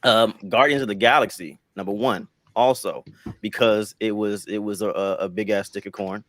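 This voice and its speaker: A man on a casual podcast panel, explaining his film rankings in a halting way, repeating words and leaning on fillers. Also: lowish voice, fairly bright tone.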